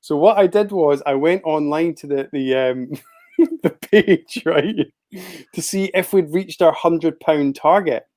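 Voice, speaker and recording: A laid-back man banters with his co-host on a podcast call. His voice sits a little higher than most men's, and he talks in an easy, joking way. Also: a little slow, darkish tone. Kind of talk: casual chat.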